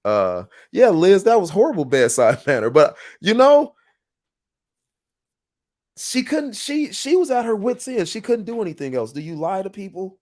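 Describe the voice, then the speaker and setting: A man's voice: high-pitched, sing-song, moderate pace, darkish tone. A man hosting a podcast in a casual monologue, earnest and motivational, telling stories with emphatic repetition. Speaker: podcast host.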